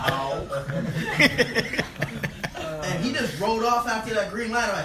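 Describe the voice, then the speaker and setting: A man performs stand-up in a small bar, with a high voice that jumps all over as he acts out characters. He sounds far from the recorder, with plenty of room echo. Steady room ambience sits behind him. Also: normal speed, over a noisy crowd. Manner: animated, acts out characters with loud shouted voices. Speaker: stand-up comedian. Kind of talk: stand-up comedy set. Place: bar stage before a live audience. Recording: roomy, distant live club recording. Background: audience laughter.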